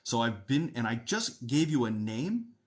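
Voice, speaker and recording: A man hosting a live stream as a psychic medium, chatting with viewers, thanking them and describing what he senses in a steady, explanatory way. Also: mid-range voice, unhurried. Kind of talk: casual live-stream chat with readings.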